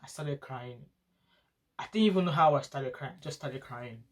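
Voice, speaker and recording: A woman's voice: a bass voice, normal speed. A woman, a student nurse and mother, telling a long personal story in a casual vlog, rambling and often restarting her sentences. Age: adult parent of school-age children. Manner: rambling, frequent restarts and repetition.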